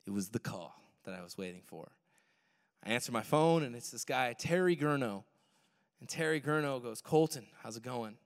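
A young man telling a personal story in a sermon, animated, swinging from loud to hushed. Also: medium pitch, moderate pace, vocal fry. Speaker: worship pastor. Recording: long hall reverb.

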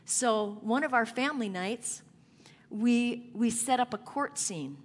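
A woman's voice: fairly high pitch, slow pace. A middle-aged woman preacher telling a family story in an earnest, conversational sermon. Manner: earnest, conversational anecdote building to emotion. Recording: long hall reverb.

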